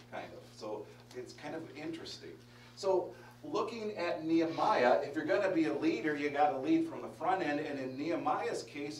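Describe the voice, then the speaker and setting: A man preaching a Bible study sermon, lively and emphatic, asking the congregation questions and restarting his sentences. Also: fairly high pitch, slight background noise. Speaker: pastor teaching a Bible study. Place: church hall. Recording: roomy live-stream audio from a distance.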